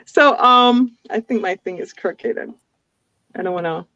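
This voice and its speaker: A woman chatting as an interview guest over a video call, with restarts and frequent laughter. The sound is dull and lo-fi, and the room sounds very dry. Her voice sits at a medium pitch. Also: measured pace, bright, forceful tone, no room sound. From an island. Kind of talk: casual interview chat. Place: home with a forest backdrop.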